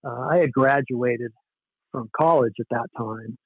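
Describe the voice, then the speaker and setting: A man in his forties from Southern California recounts old times as a podcast guest. He is easygoing and anecdotal and often laughs at himself. His voice sits at a middling pitch, and the recording is dry, slightly dull and lo-fi. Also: unhurried, no echo. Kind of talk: casual storytelling in a podcast interview.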